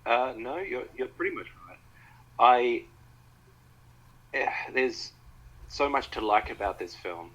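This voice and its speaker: A man from Australia co-hosting a film podcast. He talks enthusiastically and haltingly, with many fillers and restarts. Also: medium pitch, lively intonation, fairly bright tone, low-quality recording. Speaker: podcast co-host. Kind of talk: casual film review chat.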